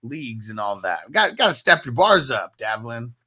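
A man co-hosting a casual fantasy football chat, reading viewer comments aloud, laughing often and getting excitable. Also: mid-range voice, moderate pace, husky.

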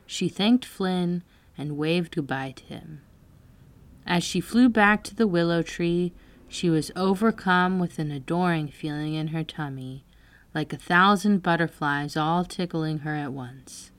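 A woman reading a bedtime fairy tale in a soft, soothing manner. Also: fairly low pitch, unhurried. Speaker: storyteller. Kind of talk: bedtime story narration. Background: faint music.

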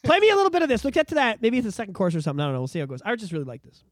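A man's voice: sits high, wildly swooping pitch, rapid-fire, no room sound. A man hosting a casual podcast, joking and swearing freely as he talks over music. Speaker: podcast host. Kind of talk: casual chat.

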